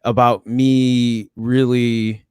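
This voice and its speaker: A man co-hosting a casual live tech chat, with a deep morning voice and a rambling way of talking full of restarts and fillers. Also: flat delivery, drawn-out words, darkish tone, smooth, dry recording, clean studio sound. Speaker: co-host.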